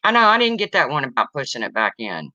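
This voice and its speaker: A chatty livestream host telling jokes and talking straight to the chat, with a bright, lively voice. The audio is dry and a bit dull, as from a home stream setup. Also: medium pitch, quick pace, no room sound. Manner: chatty, chuckling, talks to chat. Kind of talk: casual joke-telling livestream.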